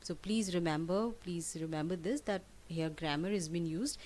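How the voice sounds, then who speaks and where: A woman's voice: lowish voice, moderate pace, a little mellow. A woman teacher giving a lesson, asking questions and answering them herself, spelling words out and repeating key words. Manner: asks questions and answers them herself, emphatic rising prompts. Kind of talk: classroom lesson for children.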